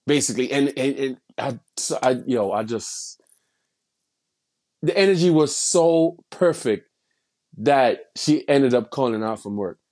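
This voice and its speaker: A man's voice: on the high side, a little slow, a little mellow. A man telling a personal story in casual street slang, rambling, with many restarts and repeated phrases. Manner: heavy street slang and swearing.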